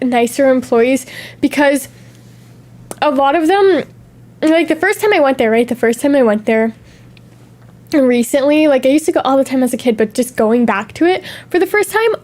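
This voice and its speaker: A young woman streamer in casual chat, telling stories in a chatty, animated way with gasps and laughs. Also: sits high, normal speed. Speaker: VTuber streamer.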